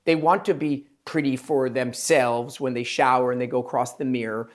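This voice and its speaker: A man, a plastic surgeon hosting a podcast, talking in an emphatic, rambling way and quoting his patients in quick asides. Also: medium pitch, steady tone. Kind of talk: casual interview chat.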